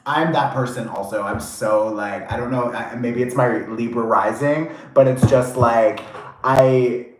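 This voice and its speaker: A man giving a casual tarot reading, chatty and animated, with lots of fillers and swearing. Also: medium pitch, unhurried, very echoey. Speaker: tarot reader.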